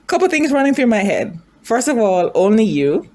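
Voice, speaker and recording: A woman's voice: fairly low pitch, big pitch swings, normal speed, hardly any pauses, darkish tone. Chatty woman reacting to a drama. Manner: chatty, thinking aloud, asks viewers questions; emotional, gushing. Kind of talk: casual reaction commentary.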